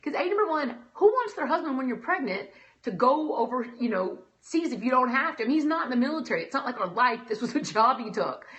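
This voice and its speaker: Speaking fast in a fairly high voice, a woman gives an emotional, animated personal talk to an audience, breaking into quoted voices. The recording sounds muffled.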